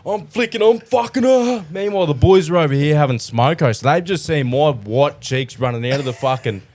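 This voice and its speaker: A man's voice: medium pitch, a little fast. An Australian tradesman co-hosting a casual podcast, telling crude stories full of swearing. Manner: crude, swearing, animated storyteller. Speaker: podcast co-host.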